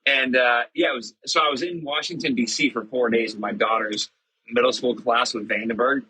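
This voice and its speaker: A man's voice: medium pitch, fairly even intonation, a little fast, bright, forceful tone, a little hiss or hum, poor audio. A middle-aged man telling a personal story in a casual, reflective monologue, chatty and self-deprecating with many fillers. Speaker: church podcast host.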